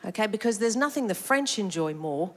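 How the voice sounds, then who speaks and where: A woman's voice: mid-range voice, lively intonation, brisk. A woman with an Australian accent performing a chatty, self-mocking stand-up comedy set on stage before a live audience. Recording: live comedy club, roaring audience laughter.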